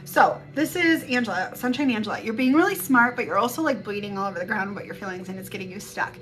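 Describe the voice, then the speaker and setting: Music runs behind a woman's medium-pitched, fast and fairly bright voice. She's doing a loose spiritual reading on a live stream via her phone mic, rambling on bluntly and cursing without restraint.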